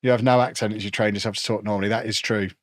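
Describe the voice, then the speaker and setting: A man's voice: on the low side, fairly even intonation, very fast, dry recording, studio quality. A man from England, chatting casually and joking with his chat while streaming a football management game. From Peterborough, England.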